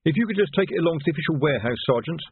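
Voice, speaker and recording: A man's voice: a little high, animated, racing, husky, voice pushed up. A man voicing an earnest, rule-bound clerk of a street revolution with a fussy, officious manner. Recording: thin phone-like dry sound.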